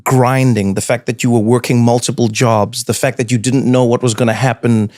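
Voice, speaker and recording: A man's voice: mid-range voice, level tone, fairly quick, darkish tone, no room sound. A male host leads a conversational podcast interview. He asks probing, curious questions and reacts with enthusiasm. His mid-range voice is recorded close and dry, with almost no room sound.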